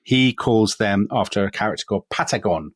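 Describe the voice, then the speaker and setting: This English man co-hosts a history podcast, telling the story chattily and tossing in self-deprecating asides. His voice is on the low side, his pace fairly quick, and the recording is dry.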